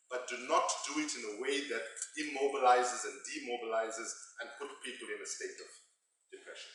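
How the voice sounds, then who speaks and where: A man's voice: medium pitch, a bit bright, recorded from a distance, a little hiss or hum. A South African man in his fifties giving a humorous, self-deprecating keynote speech at a conference. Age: 50s. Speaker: keynote speaker. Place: large lecture hall. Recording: echoey hall, mic from afar.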